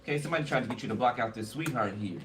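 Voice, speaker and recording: A man's voice: medium pitch, rapid-fire. A man doing a casual tarot card reading, blunt and profane and repeating himself a lot. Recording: noisy, distant mic.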